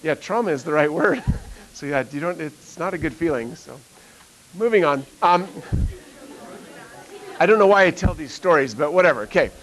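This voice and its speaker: A man's voice: fairly high pitch, expressive, moderate pace, long pauses, a bit bright, low-quality recording. A middle-aged man, a math teacher, telling a story in a classroom, rambling with lots of fillers and frequent laughs. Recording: faint hiss.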